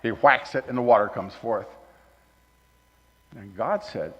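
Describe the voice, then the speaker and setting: A man preaching a folksy sermon at a church, moving between loud emphasis and quiet asides. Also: fairly low pitch, a little slow. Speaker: guest speaker at a church. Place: church hall. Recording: dull recording with long hall reverb.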